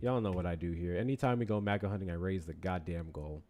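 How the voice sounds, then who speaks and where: Low-voiced man hosting a profane livestream. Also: fast talker, darkish tone. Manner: profane, joking, reads out donations. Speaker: livestream host. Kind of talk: casual livestream chat.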